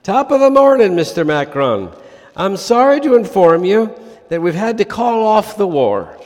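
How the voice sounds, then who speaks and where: A man voicing a cheeky Irish pub man on the phone, putting on a high, loud Irish voice. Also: very animated, normal speed. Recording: long hall reverb.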